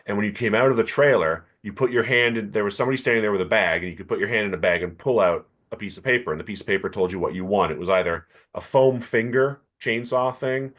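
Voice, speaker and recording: A man with a low voice co-hosts a casual comics podcast. He tells anecdotes in a relaxed, easygoing way. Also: fast talker, hardly any pauses. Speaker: podcast co-host. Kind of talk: casual chat, storytelling.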